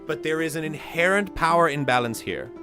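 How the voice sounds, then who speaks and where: A man's voice: fairly high pitch, lively intonation, a little fast, over music. Chatty man commenting on a game. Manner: chatty, reacting and explaining. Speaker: let's play host.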